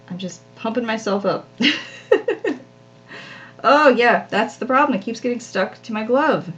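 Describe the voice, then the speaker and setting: A woman's voice: a little high, expressive, unhurried, pauses often, a bit bright. Chatty self-deprecating woman crafter, lo-fi. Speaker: craft channel host. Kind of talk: live-stream crafting chat.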